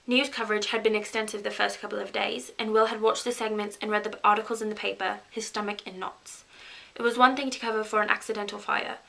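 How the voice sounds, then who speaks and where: A woman's voice: a little high, pushed and bright, rough recording. A woman vlogger reading a novel aloud in a put-on British accent, chatty and giggly between passages. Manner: chatty and giggly, self-mocking.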